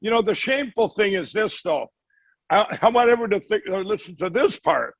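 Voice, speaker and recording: High-voiced man telling a rambling story. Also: animated, brisk, no echo. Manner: rambling, acts out quoted dialogue. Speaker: guest. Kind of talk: storytelling in a conversation. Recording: slightly dull audio.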